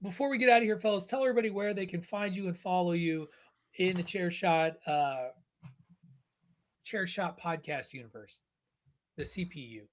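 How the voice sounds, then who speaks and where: A middle-aged man hosting a podcast, telling stories in casual, animated chat and rambling with restarts. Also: high-pitched, moderate pace, long pauses. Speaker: podcast host.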